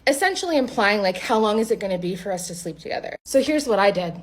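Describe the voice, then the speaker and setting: A woman's voice: medium pitch, expressive, fast talker. A woman casually recounting a bad date to the camera, blunt and exasperated, swearing freely. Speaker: storyteller.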